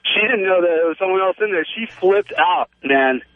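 A young man calling in to a talk show, telling a story in a rambling, excited way, full of "man" and "like". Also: sits high, normal speed, no echo. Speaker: caller. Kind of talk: phone-in storytelling. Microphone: telephone. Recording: tinny phone line, dry.

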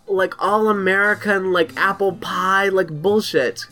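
A woman's voice: medium pitch, fairly even intonation, measured pace, sharp tone, soft background music. A woman co-hosting a comedy podcast in loose, rambling chat, laughing often. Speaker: podcast co-host.

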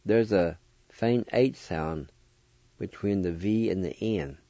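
A man hosting a radio language lesson, spelling words out letter by letter and repeating each syllable slowly and deliberately. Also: deep voice, warm tone, no echo, lo-fi sound. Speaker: radio host teaching language vocabulary.

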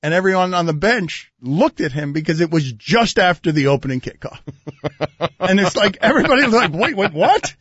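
A man hosting a sports radio show, telling stories with animated, laughing, mock-indignant banter. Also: high voice, a little fast, no echo, highs cut off. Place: radio studio.

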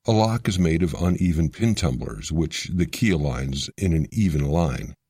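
A man narrates a scripted explainer in a measured, steady way. His voice sits very low and has a husky edge. The recording is dry and close, with no room sound. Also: no echo.

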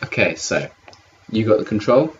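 A man co-hosting a casual commentary podcast, teasing his co-host with quick retorts. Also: on the low side, big pitch swings. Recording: lo-fi mic with faint hiss.

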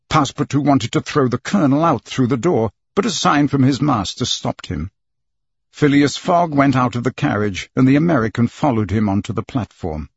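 A man narrating an audiobook in an expressive storytelling manner. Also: medium pitch, breathy edge, no echo. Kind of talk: scripted narration. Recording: dull, dry recording.

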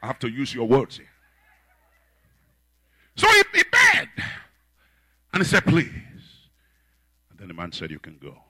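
A man preaching a sermon, swinging between shouted, chanted refrains and low, quiet storytelling. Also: breathy edge.

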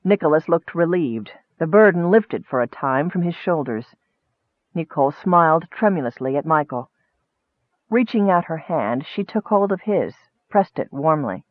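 Male narrator, high voice, measured, tinny phone-like sound. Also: lively intonation, no echo. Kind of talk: audiobook narration. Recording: dry, tinny, narrow-band.

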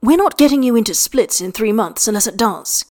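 A woman's voice: a little high, lively intonation, fairly quick, a little mellow. A woman voicing a blunt, teasing male ex-Olympian skating coach in a storybook reading, with dry, bossy banter.

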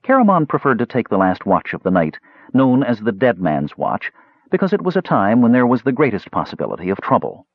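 Low male narrator, husky tone with wide lively pitch, dull lo-fi dry sound. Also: brisk, no echo. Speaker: audiobook narrator. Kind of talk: storybook narration.

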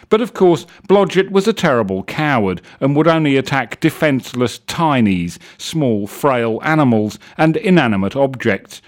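A man reading a comic story aloud on a live show in a wry, lively way. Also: medium pitch. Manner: lively, wry, self-correcting.

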